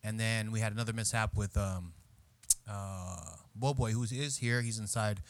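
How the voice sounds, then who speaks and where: A man's voice: lowish voice, steady tone, moderate pace, no echo. A man hosting a podcast at a bar, talking in a loose, rambling way and acting out quotes in voices. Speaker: podcast host. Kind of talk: casual chat.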